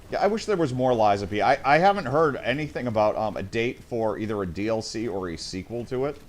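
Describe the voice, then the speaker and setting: A man's voice: mid-range voice, lively intonation, brisk, slight background noise. A man casually commenting on his own gameplay, chatting with viewers and muttering to himself, swearing when things go wrong. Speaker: gaming streamer.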